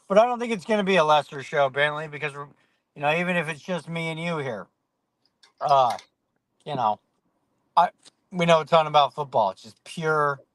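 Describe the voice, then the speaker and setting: A man's voice: a little high, dry recording. A man hosting a casual sports podcast, rambling with lots of fillers and restarts. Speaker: podcast host.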